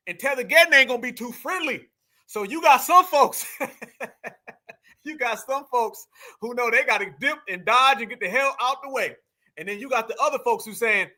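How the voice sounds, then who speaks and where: A man reacting to a clip as a livestream commentator, animated and preachy, laughing often and speaking in slang. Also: very high voice.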